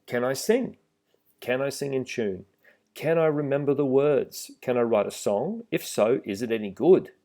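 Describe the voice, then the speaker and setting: A middle-aged man giving a relaxed, plain-spoken instructional talk to trainee driving instructors, with some fillers. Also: medium pitch, moderate pace. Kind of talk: instructional voice-over with slides.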